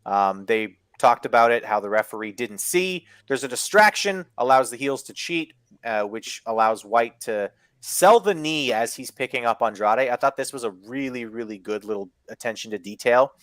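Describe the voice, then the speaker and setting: A man co-hosting a podcast, giving an excitable, profane play-by-play recap of wrestling matches in casual chat. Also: mid-range voice, moderate pace, hardly any pauses, no room sound.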